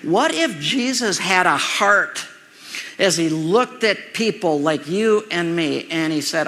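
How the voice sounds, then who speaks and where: A man preaching a sermon, telling a personal story in an animated way and acting out its sounds and voices. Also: a little high, gravelly. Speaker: pastor. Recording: reverberant hall recording.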